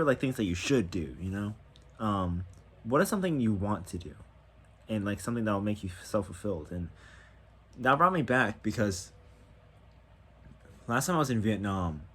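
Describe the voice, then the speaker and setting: A tired young man talking in a casual diary vlog, halting and full of fillers and restarts. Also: lowish voice. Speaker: vlogger.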